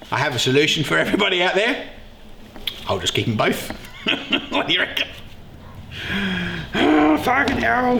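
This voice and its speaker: A middle-aged man hosting a casual beekeeping vlog, joking excitedly and swearing freely. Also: high-pitched, gravelly. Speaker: beekeeper and show host. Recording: echoey room with loud background noise.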